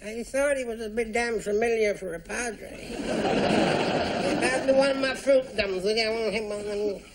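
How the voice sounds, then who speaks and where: A high, gravelly old man grumbles and curses from his sickbed. He is peevish and fussy about his sweets. The old TV recording has clear audience noise behind him. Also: a little slow. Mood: grumbling.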